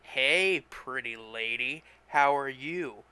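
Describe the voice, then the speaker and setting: Cocky loud salesman guy bragging, man reading it, bright voice. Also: medium pitch, takes it slowly, clean tone. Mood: excited. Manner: excited, swaggering, loud. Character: brash, boastful young male salesman.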